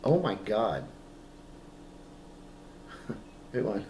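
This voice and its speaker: A man's voice: fairly low pitch, very animated, darkish tone. Guy with a cough doing a casual review, keeps repeating himself, roomy echo and some noise behind. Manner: halting, repeats words, enthusiastic. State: fighting a lingering cough. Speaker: vape juice reviewer. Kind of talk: casual product review vlog. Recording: echoey room with background noise.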